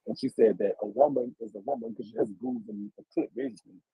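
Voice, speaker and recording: A man's voice: mid-range voice, quick pace, vocal fry, breathy edge, no echo, lo-fi sound. A man hosting a casual livestream interview, speaking hesitantly with many fillers and encouraging his guest.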